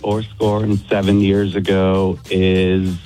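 A man's voice: low voice, completely flat delivery, slow, dark tone, soft background music. A man calling in to play a radio quiz, self-deprecating. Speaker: caller. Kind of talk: phone-in quiz contestant.

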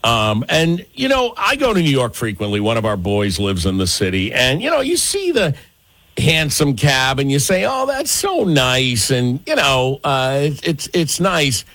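A man's voice: moderate pace, no room sound. A man hosting a radio show, chatting and teasing his guest in a casual way. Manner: chatty, teasing, lively pitch swings.

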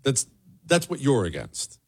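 A man's voice: mid-range voice, wildly swooping pitch, a little slow, a little mellow, slightly rough. Blunt man hosting political commentary. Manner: blunt, sarcastic, emphatic repetition. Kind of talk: opinionated solo commentary.

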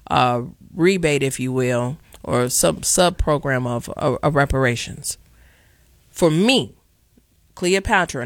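A man hosts a radio call-in show from the studio, his fairly high voice rough and gravelly. He speaks with impassioned, preacherly emphasis and leans hard on slow, deliberate stresses. The sound is dry and close. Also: fairly bright tone, no echo. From Chicago. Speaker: radio talk show host.

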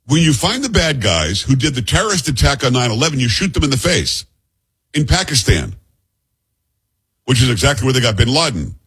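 Blunt, heated husky man ranting. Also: medium pitch, big pitch swings, a little fast, a bit bright. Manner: blunt, heated, stumbles over names. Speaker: host. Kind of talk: opinionated news commentary.

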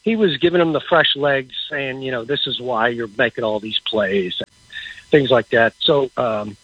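A man giving casual football insight as a radio guest, halting and repeating words as he talks. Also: medium pitch, fairly bright tone, slightly rough, dry recording, highs cut off. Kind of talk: casual sports talk on radio.

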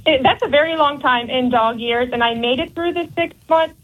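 A woman's voice: high voice, normal speed, slightly rough. A woman calling in to a radio show, polite and eager to ask her questions. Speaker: caller. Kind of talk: call-in radio chat. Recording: tinny phone line.

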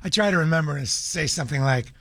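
Radio call-in host guy, kinda husky, sits a bit high, dry close studio mic, gentle with callers. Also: quick pace, no echo.

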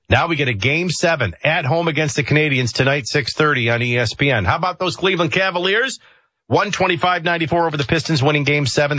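A male morning radio host with a bright, forceful voice that has a husky edge. He talks breezily and drops wry asides in an announcer's sing-song rhythm. He is close to a dry studio microphone. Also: a little high, no room sound. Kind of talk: casual radio chat and sports rundown.

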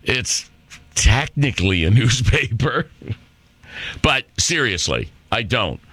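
A man's voice: mid-range voice, big pitch swings, slow pace, a bit bright, no echo. A middle-aged man hosting a talk radio show, brash, sarcastic and rambling. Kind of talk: opinionated talk radio monologue. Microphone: studio microphone.

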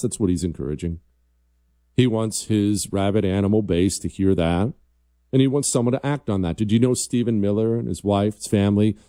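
A man's voice: on the low side, dark tone, no echo, clean studio sound. A man hosting a political commentary show, talking in a combative, emphatic way and reading viewer emails. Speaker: host.

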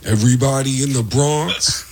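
A man doing an impression of a famous comedian from the Bronx, with a slow, emphatic drawl. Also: mid-range voice, a little hiss or hum, natural voice. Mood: boisterous.

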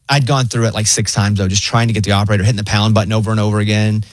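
A young adult man co-hosting a casual chat show, telling stories in an animated way and acting out voices. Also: on the low side, rapid-fire, no echo. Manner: animated storyteller, acts out a chill robot voice. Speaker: co-host.

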